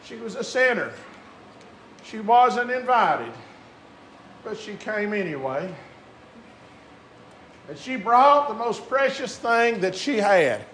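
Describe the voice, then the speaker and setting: A man preaching a sermon, moving between quiet conversational asides and drawn-out shouted climaxes. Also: high voice, very animated. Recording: echoey room with faint crowd and noise.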